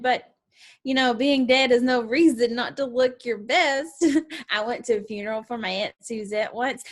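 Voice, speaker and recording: An actress with a Southern US accent playing a bubbly, chatty young Southern girl who giggles and rambles on politely. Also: high voice. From New Orleans, US South. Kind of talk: stage play acting.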